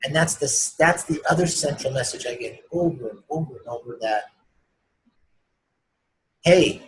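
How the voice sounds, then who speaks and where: A man's voice: fairly high pitch, moderate pace, low-quality recording. A man being interviewed as an author, telling stories with enthusiasm and acting out other people's lines as he goes. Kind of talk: animated storytelling in a casual interview. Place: remote interview streamed live online.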